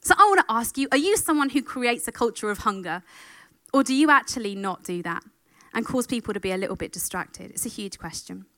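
Bright, animated woman preaching. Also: a little high, brisk, no echo. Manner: emotional, animated storytelling. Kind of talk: sermon.

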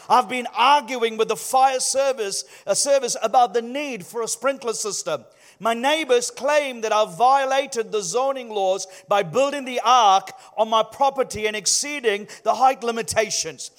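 A man's voice: very high voice, a bit bright. A man voicing a harried modern Noah, pleading and listing his troubles in a joke.

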